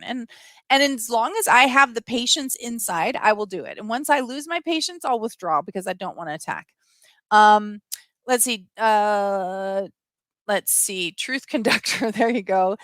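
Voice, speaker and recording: A middle-aged woman hosts a casual live stream, reading viewers' comments aloud in a slightly high, bright, forceful voice at a moderate pace. She comes across as expressive, emphatic, and opinionated, and the recording is dry with almost no room sound or echo.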